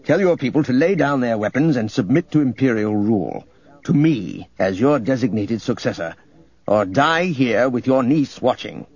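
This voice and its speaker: A man's voice: medium pitch, lively intonation, normal speed, a little mellow, husky, lo-fi sound. A man voicing a smug, scheming male governor in an audiobook, cold and demanding. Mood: menacing.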